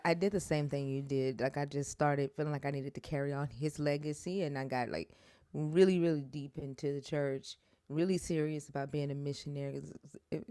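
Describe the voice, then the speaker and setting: A woman with a low, mellow voice talks earnestly in a casual chat, cursing when she's upset and jumping sharply upward in pitch as her feelings rise. The recording is dry and close, with no room sound.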